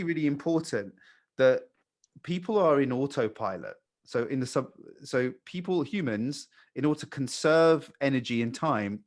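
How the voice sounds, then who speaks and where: A man coaching new hires on sales calls, calm and blunt, swearing casually. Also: mid-range voice. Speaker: sales trainer.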